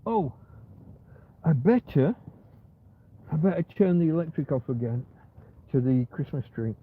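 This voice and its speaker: A man's voice: fairly high pitch, lively intonation, measured pace, slightly rough. A middle-aged man hosting a casual livestream from bed, rambling and reading chat messages aloud, with frequent swearing. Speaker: livestream host. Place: in bed in a van or caravan. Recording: tinny phone-like sound.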